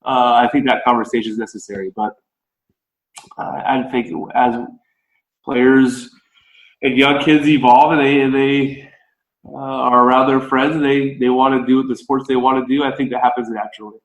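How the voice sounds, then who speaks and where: An American man, a baseball coach, speaks as a podcast guest in a mid-pitched voice. His speech echoes in a roomy space. He talks in a relaxed, conversational way, thinking his ideas through out loud. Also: normal speed. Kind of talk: podcast interview.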